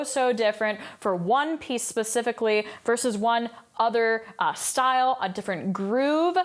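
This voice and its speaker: A woman vocal coach giving a singing lesson, explaining exercises in an upbeat way and demonstrating them by singing scales. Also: a little high.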